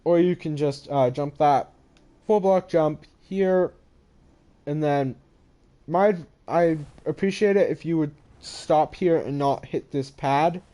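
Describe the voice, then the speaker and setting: A young man with a soft, mellow voice pitched a little high narrates a relaxed game map walkthrough. He rambles, trails off and sounds sleepy, speaking into a headset microphone. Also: slow. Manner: rambling, sleepy, yawning and apologizing. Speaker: gaming channel host. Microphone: head-mounted microphone.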